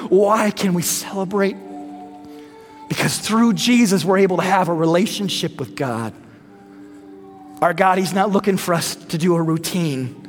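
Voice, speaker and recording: A man's voice: high-pitched, moderate pace, soft background music. A man in his thirties, a pastor giving a sermon in a conversational way, repeating rhetorical questions to the congregation. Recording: reverberant hall.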